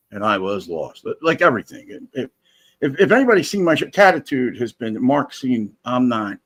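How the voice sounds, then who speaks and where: A man's voice: mid-range voice, fairly bright tone, husky. A man chatting as a guest on a livestream, profane and joking, rambling through stories. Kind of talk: casual livestream chat.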